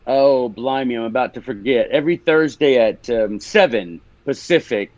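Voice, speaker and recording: A man's voice: mid-range voice, normal speed, darkish tone, dry recording, highs cut off. Memphis man explaining like a teacher. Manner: explaining and teaching, with laughs and restarts. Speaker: author and guest. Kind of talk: casual interview chat.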